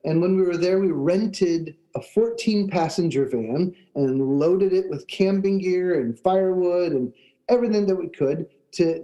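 Mellow-voiced man preaching conversationally. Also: a little high, rough recording. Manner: conversational, with restarts and pauses. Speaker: pastor. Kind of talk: storytelling sermon.

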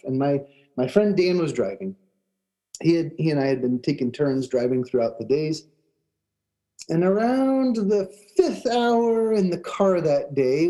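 A man preaching a sermon, telling a personal story in a conversational way, with restarts and pauses. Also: high voice, mellow, low-quality recording. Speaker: pastor.

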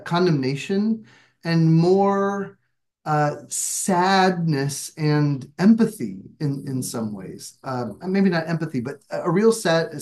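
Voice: mid-range voice, a little mellow. A Bible study leader talks through the text on a video call. The delivery is reflective and searching, with a self-deprecating streak. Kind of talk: leading a group discussion.

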